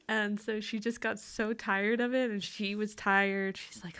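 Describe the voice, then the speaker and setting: A woman co-hosting a podcast, telling stories in an animated, giggly casual chat. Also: medium pitch, measured pace, creaky. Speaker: podcast co-host.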